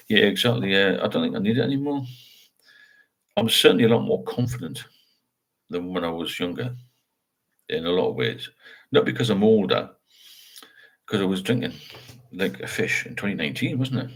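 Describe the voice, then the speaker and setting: A man's voice: low-pitched, animated, normal speed, long pauses, husky. An older man hosting a casual live chat, talking frankly and rambling, often ending with tag questions. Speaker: livestream host. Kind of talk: casual live chat, reading viewer comments.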